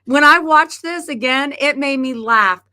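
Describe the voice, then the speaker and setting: A middle-aged woman hosts a podcast, casually chatting, telling stories, and laughing often. Her voice is high-pitched, unhurried, pushed, and bright.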